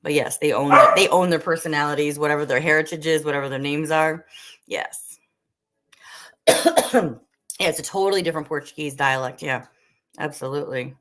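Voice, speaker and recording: A woman's voice: sits low, normal speed, pauses often, a bit bright. A woman from the Northeastern United States hosting a livestream, chatting casually with viewers in a rambling way, full of "like" and "um". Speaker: livestream host. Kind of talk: casual chat while cooking, answering viewer comments.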